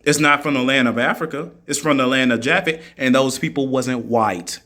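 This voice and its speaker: A man's voice: medium pitch, moderate pace, bright, forceful tone. A man in a heated monologue, answering critics in an argumentative, mocking way and repeating his points for emphasis. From United States.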